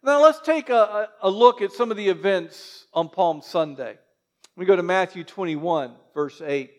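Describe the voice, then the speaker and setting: A man preaching a sermon as pastor, lively, with joking asides to the congregation. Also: high-pitched, normal speed.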